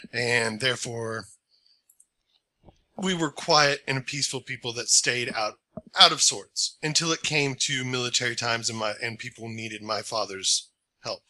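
A man voicing a reserved half-elf male ranger in a tabletop role-play, speaking in an earnest, measured way. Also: mid-range voice, sharp tone.

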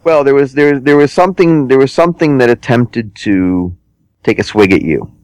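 A man narrating a tabletop game as game master, describing the scene slowly and pausing to find his words. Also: medium pitch, a little mellow, no room sound, poor audio. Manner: slow, descriptive, pauses to search for words.

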